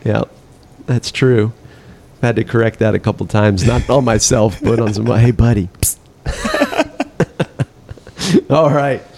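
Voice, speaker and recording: Guy hosting a laid-back surf chat, gravelly voice, rambly storytelling. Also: fairly low pitch, moderate pace. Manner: relaxed storytelling with laughs and restarts. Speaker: podcast host. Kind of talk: casual chat.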